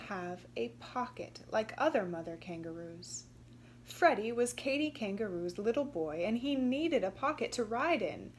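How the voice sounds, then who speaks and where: Storybook narrator, woman, fairly high voice, gently emphatic, lively melody. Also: unhurried, slight background noise. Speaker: storybook reader. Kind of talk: children's storybook read-aloud.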